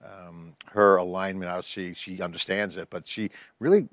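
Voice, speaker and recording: A man's voice: sits low, steady tone, moderate pace, no room sound. A man co-hosting a podcast, talking in a rambling, chatty way and restarting phrases. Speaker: podcast co-host. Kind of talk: casual tech chat.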